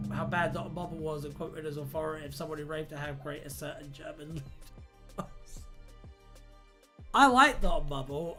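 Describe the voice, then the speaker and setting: Bright-voiced man chatting casually. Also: a little high. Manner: chatty and irreverent, swears often, laughs easily. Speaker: livestream host. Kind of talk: casual livestream chat and reading aloud.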